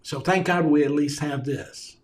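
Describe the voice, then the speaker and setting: Slow, earnest man speaking to camera. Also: on the high side. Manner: earnest, emphatic, repeats key phrases for stress. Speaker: communication consultant. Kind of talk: direct-to-camera video talk. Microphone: camera mic, speaking to viewers on video.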